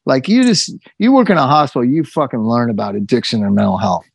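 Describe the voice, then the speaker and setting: A man telling stories in casual chat, animated and swearing, acting out what people said. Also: medium pitch, quick pace, gravelly, husky, dry recording. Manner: animated, swearing, acts out quotes.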